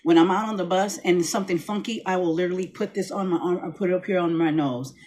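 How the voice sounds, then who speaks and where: A woman's voice: on the low side, fast, a little mellow, a little hiss or hum. A chatty middle-aged woman vlogs from a dimly lit room at home. She rambles easily, circling back and restarting her thoughts as she talks. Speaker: vlogger. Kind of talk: casual chat to camera. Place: home room, lights dimmed.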